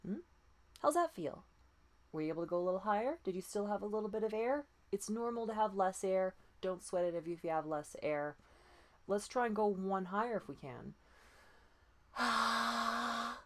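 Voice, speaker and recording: A woman voice coach leading breathing and pitch exercises, patient and encouraging, often demonstrating breathy sighs. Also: lively intonation, brisk. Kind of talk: guided voice exercise lesson.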